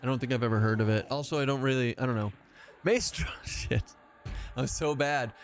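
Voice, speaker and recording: A man's voice: medium pitch, steady tone, quick pace, soft background music. A man chatting casually as he streams a game live, rambling and self-mocking and laughing often.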